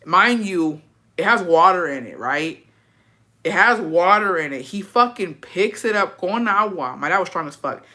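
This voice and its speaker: A woman's voice: on the low side, lively intonation, normal speed, pushed and bright. Blunt, profane woman telling a story. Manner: profane, blunt, slips into Spanish. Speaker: vlogger. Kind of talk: casual storytelling.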